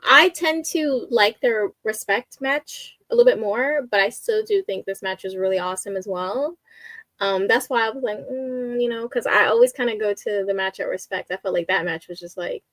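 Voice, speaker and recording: A woman co-hosting a podcast in casual chat, sounding upbeat and relaxed. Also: mid-range voice, dry recording.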